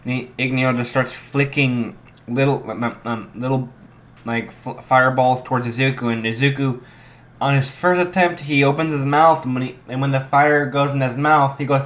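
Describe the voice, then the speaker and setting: A young man improvising a fan story, halting with many restarts and fillers. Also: medium pitch, steady tone, a bit bright.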